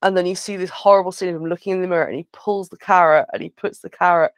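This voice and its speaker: A woman co-hosts a podcast in a lowish voice with fairly even intonation, talking fast with no room sound. She chats casually and frankly while recapping a film, adding sarcastic asides.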